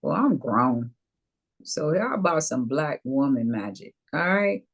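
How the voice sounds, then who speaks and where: A woman co-hosting a casual talk show, lively and emphatic, with playful asides to the audience. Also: rumbling low, measured pace.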